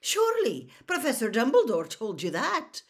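A woman voicing a stern, easily shocked older female professor in a storybook reading, high and shrill in delivery. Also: huge pitch swings, normal speed.

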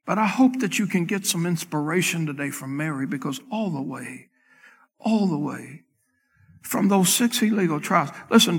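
Impassioned preaching man, higher voice. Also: breathy edge, long reverb tail. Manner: impassioned preaching, rising to loud peaks and dropping to hushed tones. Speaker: pastor. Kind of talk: sermon. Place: church sanctuary.

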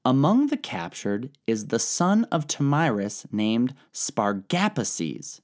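A man's voice: mid-range voice, very animated, takes it slowly. A man retelling history in a casual, profane, comedic podcast style with laughing asides. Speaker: podcast host.

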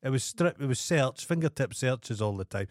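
A Scottish man trading crude, sardonic jokes in casual podcast chat. He speaks at a middle pitch. The recording is dry and close, with no room sound. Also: expressive, normal speed, no echo. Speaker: podcast co-host.

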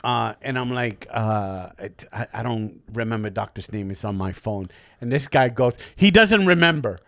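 A man's voice: fairly low pitch, normal speed, gravelly, no room sound. A man hosting a podcast, telling a story casually with lots of swearing and acting out the people in it. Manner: profane, animated, acts out quoted voices. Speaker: podcast host.

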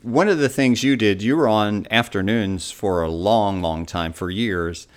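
A radio host with a lowish voice, talking casually with an old colleague. He asks his questions in a relaxed, teasing way. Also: measured pace. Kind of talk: casual interview chat.

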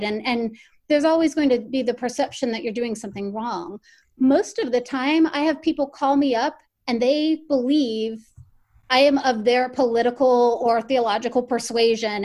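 A woman who works as a newspaper editor, answering interview questions in an earnest, reflective way and occasionally stumbling over her words. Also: high voice.

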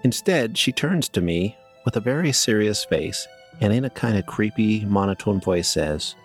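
A man's voice: fairly low pitch, expressive, moderate pace, soft background music. A man co-hosting a podcast, reading listener stories aloud in a plain way and trading dry banter. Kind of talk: casual podcast chat and story reading.

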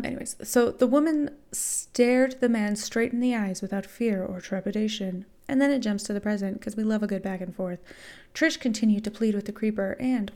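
A woman's voice: mid-range voice, darkish tone. A woman podcast host reading fan fiction aloud and breaking off with wry, sarcastic asides.

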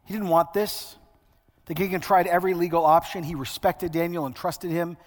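A man's voice: high voice, fairly even intonation, normal speed. A male preacher delivering a sermon in a conversational, wry way, building emphasis through repetition. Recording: long hall reverb.

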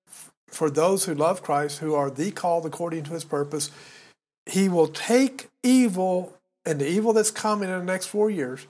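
Emphatic older man, husky voice. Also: high-pitched, a little mellow. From United States. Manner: emphatic, exhorting, repeats words when heated. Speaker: podcast co-host. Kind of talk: preachy podcast commentary.

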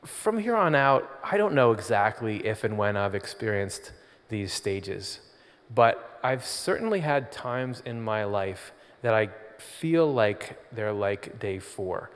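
A man's voice: fairly low pitch, very animated. Man giving a casual sermon in a hall. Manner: conversational, pausing, storytelling. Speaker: spiritual speaker. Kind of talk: informal sermon.

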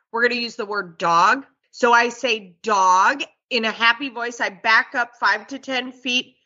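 A woman's voice: a little high, sharp tone, muffled recording. A woman, a dog trainer chatting casually and animatedly, acting out the voices of dogs and owners. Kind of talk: casual podcast chat.

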